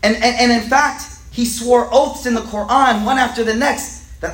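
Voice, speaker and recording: A man with a high voice leads a casual religious lesson, and his speech rings around an echoey room. He rattles off Arabic text at speed, then breaks it down in slangy street English. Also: fairly bright tone. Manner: reads Arabic lines quickly, then explains them in slangy everyday English. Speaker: teacher of a weekly Islamic class.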